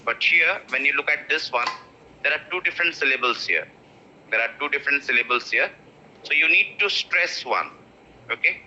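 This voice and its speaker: A man teaching pronunciation, repeating words slowly to stress syllables. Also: on the high side, lively intonation, sharp tone, slight background noise. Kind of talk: spoken English lesson. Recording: muffled lo-fi audio.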